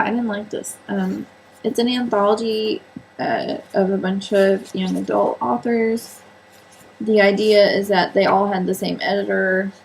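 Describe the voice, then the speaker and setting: A woman talks through her crafts and reading in a loose, rambling home vlog, poking fun at herself as she goes. Her mid-pitched voice slips into vocal fry. A faint hiss of room noise sits under her. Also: a little mellow, poor audio. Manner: chatty, rambling, self-mocking, many fillers. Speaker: book and sewing vlogger. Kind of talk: casual solo vlog chat.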